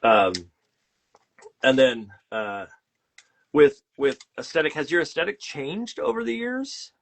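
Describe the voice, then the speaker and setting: A man's voice: on the high side, expressive, slow pace, creaky. A man hosting a casual interview over a video call, rambling with many fillers and teasing his guest. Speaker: podcast host and illustrator.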